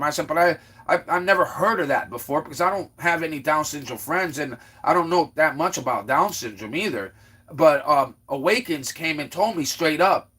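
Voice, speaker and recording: A man's voice: expressive, normal speed, breathy edge. A man hosting a livestream, telling a long story in a rambling way, stumbling over repeated words and quoting others in his own voice. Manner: exclaims loudly then trails off low. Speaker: livestream host. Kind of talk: casual ranting monologue.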